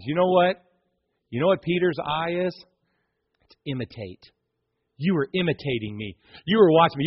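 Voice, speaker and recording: A man preaching a sermon with a husky, slightly raised voice. He tells animated stories, dropping to a hush and then climbing loud and high. The sound is dull and lo-fi. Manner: animated storytelling, swings from hushed to loud. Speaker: pastor.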